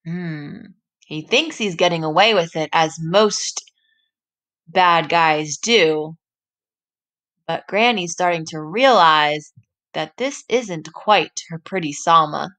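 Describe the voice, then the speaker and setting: A woman teacher reading a story aloud and pausing to explain it to her class, often checking in with "right?". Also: deep voice, a bit bright.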